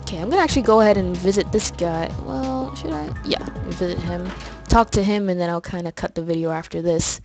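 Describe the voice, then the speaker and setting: Direction: a low-voiced, chatty young woman with a New York accent. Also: darkish tone, low-quality recording. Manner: chatty, rambling, self-deprecating. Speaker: let's play host. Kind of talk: casual gameplay commentary.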